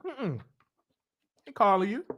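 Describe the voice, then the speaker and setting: A man hosting a casual livestream chat, teasing his viewers in an animated, repetitive, slangy way. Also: sits high, takes it slowly, lo-fi sound. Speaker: host.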